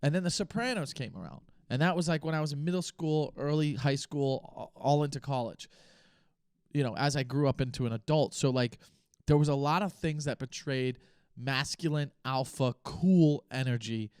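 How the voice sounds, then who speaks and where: A man's voice: a little high, darkish tone, smooth, no room sound, clean studio sound. Rambling man podcasting solo. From United States. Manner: rambling, thinks aloud with pauses and restarts. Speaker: podcast host. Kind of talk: casual solo podcast talk.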